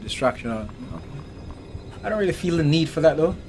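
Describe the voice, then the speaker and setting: A man's voice: on the high side, big pitch swings, fast talker, darkish tone. A man streaming a horror game live, talking to himself and taunting the enemy, swearing when things go wrong. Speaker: gaming channel host. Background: game music.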